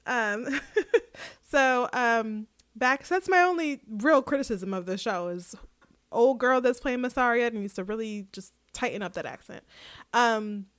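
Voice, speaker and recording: A woman's voice: on the high side, measured pace, dry recording, clean studio sound. A woman co-hosting a casual podcast, recapping a show in a chatty way and laughing often. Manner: chatty, laughs often, animated when retelling scenes. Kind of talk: casual chat.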